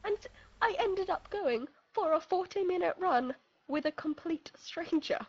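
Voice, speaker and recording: A young woman telling friends a funny story in casual chat, animated and laughing, acting out voices as she goes. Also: very high-pitched, measured pace, lo-fi sound, slight background noise. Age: young adult.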